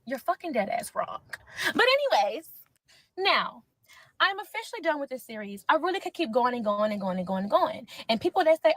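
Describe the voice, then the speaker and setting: A young woman, a content creator ranting loudly and sassily in a reaction vlog, swearing a lot. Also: high voice, fairly quick, no room sound, poor audio. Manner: loud, sassy, animated, swears a lot.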